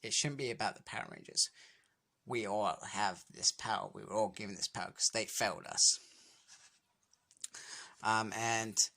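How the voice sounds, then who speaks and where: A young man talks through a comic book issue in a loose, rambling recap. His voice is bright and forward, and he keeps circling back with fillers as he goes. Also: fairly low pitch, normal speed, creaky, pauses often. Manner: rambling, filler-heavy retelling with "anyway".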